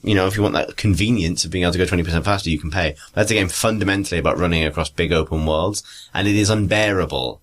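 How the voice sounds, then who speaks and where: A man's voice: low voice, fast, few pauses. A man co-hosting a casual podcast chat, talking his thoughts through with restarts and fillers. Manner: rambling, self-correcting, thinking aloud. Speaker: podcast co-host.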